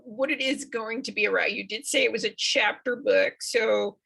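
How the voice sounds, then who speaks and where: A middle-aged woman hosting a podcast interview, encouraging her guest with warm affirmations. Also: fairly high pitch, moderate pace, vocal fry, husky. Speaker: podcast host. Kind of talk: conversational interview.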